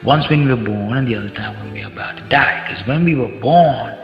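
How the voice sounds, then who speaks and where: A man's voice: mid-range voice, brisk. A man telling a story in a speech to an audience, in a dramatic way and with questions to the crowd. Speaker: contest speaker. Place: large hall. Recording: echoey hall, dull sound, faint music.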